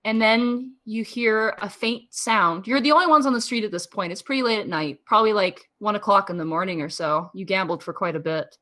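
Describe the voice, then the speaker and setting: Bright-voiced woman running a tabletop game. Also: medium pitch, brisk, hardly any pauses. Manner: casual, laughing, restarts often. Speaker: game master.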